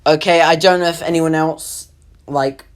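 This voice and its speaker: A man's voice: a little high, steady tone, moderate pace. A young man narrating a comic animation in a rambling, self-deprecating way. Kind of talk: comedic voice-over narration.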